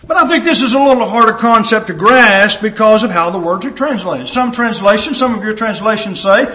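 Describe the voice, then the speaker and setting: A man preaching a sermon with emphatic delivery and sudden swings in pitch and loudness. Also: lively intonation, brisk, echoey room.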